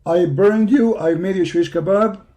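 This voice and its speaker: A man with a hoarse voice hosting a live online show, delivering a heated, taunting monologue full of repeated insults and challenges. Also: sits high, moderate pace, warm tone. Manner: taunting, confrontational, repetitive insults. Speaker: online debate show host. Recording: live stream over a poor connection.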